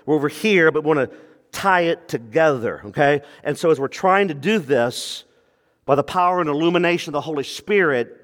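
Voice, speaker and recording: A male pastor preaching an expository sermon, calling out to the congregation for answers and repeating phrases for emphasis, swinging between quiet asides and raised preaching. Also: on the high side, animated, brisk. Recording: long reverb of a large room.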